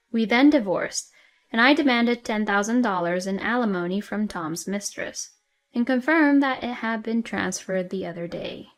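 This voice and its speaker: A woman narrating a personal story plainly, in a matter-of-fact way. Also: mid-range voice.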